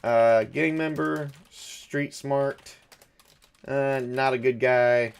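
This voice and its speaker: A man's voice: medium pitch, steady tone, very slow, gravelly, clear, resonant tone. A man running a solo tabletop game, thinking aloud in a rambling, self-correcting way. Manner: rambling, self-correcting, chuckles at own jokes. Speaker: game master.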